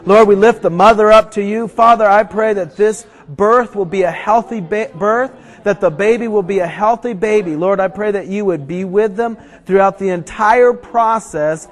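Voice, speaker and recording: A man preaching to a crowd, praying and then telling a funny story before a Bible passage, growing animated and shouting at the climax. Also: sits high, normal speed, few pauses, low-quality recording. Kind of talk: storytelling sermon.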